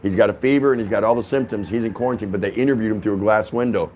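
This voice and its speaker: A man's voice: lowish voice, rapid-fire, darkish tone, slight background noise. A man hosting a casual vlog from his apartment, rambling and chatty with lots of restarts and fillers. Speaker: vlogger host. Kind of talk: casual talking-head vlog. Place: apartment indoors.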